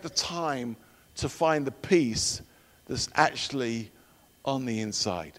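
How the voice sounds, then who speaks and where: A middle-aged man preaching a sermon and telling personal stories, shifting from loud emphatic declarations to hushed storytelling. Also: mid-range voice, animated, takes it slowly. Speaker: preacher and missionary trainer. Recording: long hall reverb.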